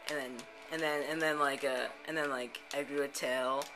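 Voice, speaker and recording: A man's voice: medium pitch, steady tone, moderate pace, rough recording. A man, the host of a gameplay channel, improvising a rambling story full of "and then, like" restarts. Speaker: let's play host. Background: background music.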